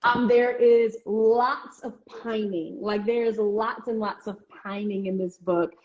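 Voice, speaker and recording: A woman's voice: slow, a little hiss or hum. Chatty woman author on an echoey call. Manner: chatty, with many ums and restarts; acts out other people's lines in a high, excited voice. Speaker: author being interviewed. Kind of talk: casual conversational interview. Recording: echoey, dull lo-fi call audio.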